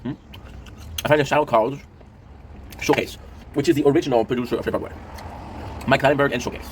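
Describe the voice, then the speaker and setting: A man's voice: medium pitch, steady tone, a little fast, a little mellow, slight background noise. A man in his thirties hosting a casual commentary show, rambling emotionally with lots of fillers and swearing. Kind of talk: casual chat to camera.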